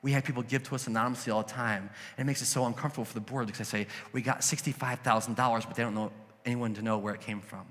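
A man's voice: mid-range voice, steady tone, very fast, fairly bright tone, big-room sound. A man preaching a conversational sermon as a pastor, telling stories and acting out quoted voices.

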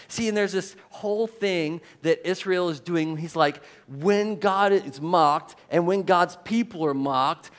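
A man preaching a sermon as pastor, reading scripture aloud with strong emphasis and an animated delivery. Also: high-pitched, a little slow.

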